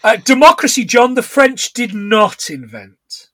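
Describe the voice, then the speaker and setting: A middle-aged man co-hosting a podcast, chatting casually about a film, laughing often and retelling scenes in rough put-on voices. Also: very high voice, sing-song, measured pace, fairly bright tone, dry recording. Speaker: podcast co-host. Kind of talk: casual chat recapping a film.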